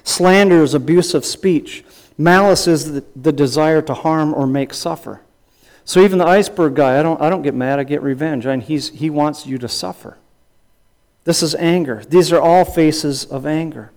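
A man preaching from the pulpit, his voice sitting a little high for a man. He talks emphatically, repeats his phrases and asks the congregation rhetorical questions as he makes his points. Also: moderate pace, darkish tone. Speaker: pastor and counselor. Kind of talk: sermon.

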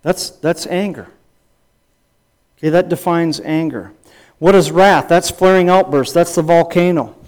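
A man's voice: a little high, a little slow, pauses often, a little mellow. A man preaching a sermon as a pastor and counselor, emphatic, with repeated phrases and rhetorical questions.

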